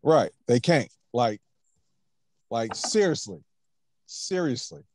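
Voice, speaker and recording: A man's voice: mid-range voice, sing-song, slow pace. A man co-hosting a podcast, talking bluntly and profanely with jokes. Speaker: podcast co-host. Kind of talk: casual chat.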